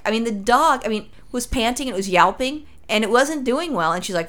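A woman's voice: on the high side, lively intonation, a little fast, few pauses, fairly bright tone. A woman from Los Angeles telling a crude story in casual chat, swearing freely as a podcast host.

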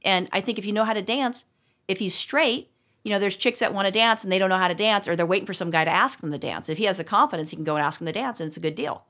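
A woman's voice: medium pitch, quick pace, a bit bright. A woman co-hosting a podcast, telling rambling, profane stories in casual chat with frequent restarts. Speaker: podcast co-host.

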